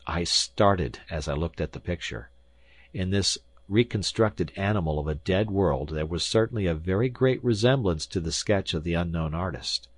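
A man narrating an audiobook in a measured, even reading style at a close studio microphone. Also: deep voice, no room sound. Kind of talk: scripted narration.

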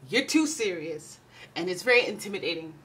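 A woman's voice: animated, a little fast. Playful, chatty woman reading tarot. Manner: chatty and playful, jumping between loud bursts and low asides. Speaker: tarot reader.

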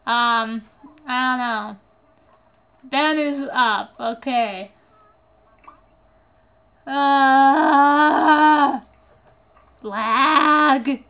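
A woman giving casual, excitable game commentary into a phone recording app, swearing freely and breaking into giggly outbursts. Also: high-pitched, extremely slow, pauses often. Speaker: gameplay commentator.

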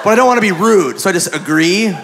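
A man telling a story in a stand-up comedy set, excitable and laughing at his own tale. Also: high-pitched, fast talker. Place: comedy club stage with live audience. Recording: noisy live club recording with crowd laughter.

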